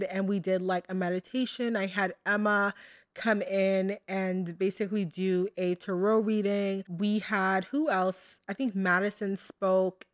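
A young American woman hosting her own podcast, talking casually and chattily to her listeners with lots of fillers and asides. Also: mid-range voice. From United States. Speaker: podcast host. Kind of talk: casual solo podcast talk.

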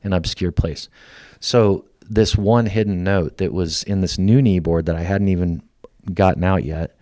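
Deep-voiced man telling a story. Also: normal speed, no room sound, studio quality. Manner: lively storyteller who acts out quoted lines. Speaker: guest. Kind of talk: storytelling in casual conversation.

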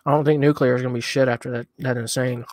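A man's voice: medium pitch, level tone, rapid-fire, a little mellow. A man co-hosting a casual podcast, chatting in an easygoing, rambling way while eating hot wings. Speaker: podcast co-host.

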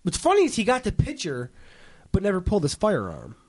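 Jokey man with a lively, gravelly voice. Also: high-pitched. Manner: jokey, playful, quick to laugh. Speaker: podcast co-host. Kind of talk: casual chat.

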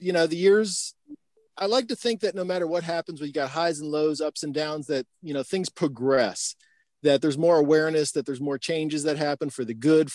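A man's voice: a little high, a little mellow, no echo. A man co-hosting a podcast, talking casually and reflectively with many fillers. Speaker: podcast co-host. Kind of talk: casual chat.

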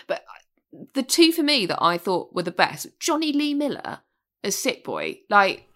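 A woman's voice: mid-range voice, very animated, unhurried, fairly bright tone. A woman gushing emphatically about performances in a casual film review chat. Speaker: podcast co-host.

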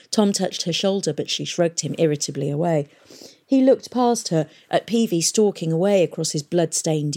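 A woman reading a storybook aloud in a steady, expressive narration. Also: low-pitched, creaky. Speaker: audiobook reader.

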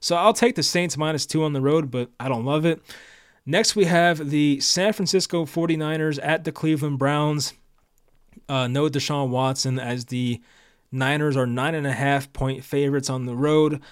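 A man's voice: fairly high pitch, fairly even intonation, normal speed, smooth, dry recording, studio quality. A young man hosting a casual solo sports preview, thinking aloud and second-guessing himself with fillers. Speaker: sports video host.

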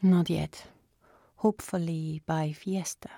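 A woman narrator voicing a worried middle-aged mother who speaks in a hushed, strained voice. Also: low-pitched, steady tone, slow pace, vocal fry, dry recording, studio quality, exaggerated voice.

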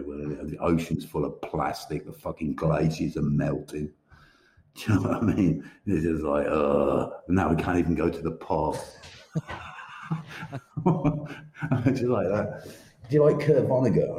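A man's voice: very deep voice, mellow, reverberant. A man who is an author talking casually on a podcast, rambling, swearing and laughing often. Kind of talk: casual chat.

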